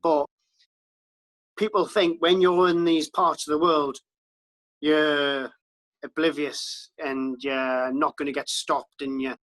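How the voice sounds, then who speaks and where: Brief: male interview guest, higher-pitched, wry and incredulous in tone. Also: a bit bright, low-quality recording. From Britain. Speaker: podcast guest. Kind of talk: conversational recollection.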